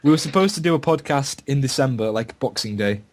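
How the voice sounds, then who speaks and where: A man's voice: mid-range voice, lively intonation, a little fast, a little mellow. A man co-hosting a casual podcast, joking and swearing as he chats over a computer mic. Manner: swearing, joking, laughing often. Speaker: podcast co-host. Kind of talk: casual chat.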